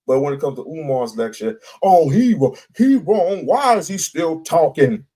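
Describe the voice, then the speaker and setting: A man's voice: on the high side, very animated, normal speed, dark tone, rough recording. A man giving a heated commentary rant, blunt and profane, repeating himself for emphasis.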